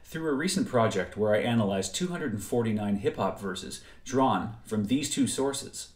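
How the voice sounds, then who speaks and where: Male lecturer, measured scripted narration, deeper voice, roomy reverb. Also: animated. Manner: measured, precise explanatory delivery. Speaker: music theory lecturer. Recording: roomy echo.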